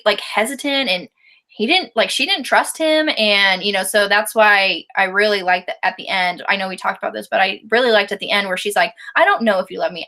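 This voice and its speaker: A woman's voice: mid-range voice, sharp tone. A woman co-hosting a casual book discussion, chatty, with frequent laughs and fillers. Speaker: book review co-host.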